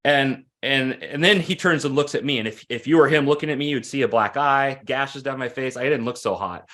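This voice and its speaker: A man in his forties speaking earnestly as a guest on an interview. He tells stories with animation, his pitch sitting in the middle range. He often restarts and repeats phrases as he works through a point. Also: moderate pace, fairly bright tone. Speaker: guest, coach. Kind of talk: conversational interview storytelling.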